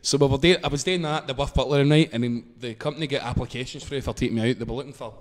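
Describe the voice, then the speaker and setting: A medium-pitched man with a Glaswegian accent tells a casual story at a quick pace, swearing freely, laughing along and acting out the scenes. The recording has a long reverb, like a hall-like room.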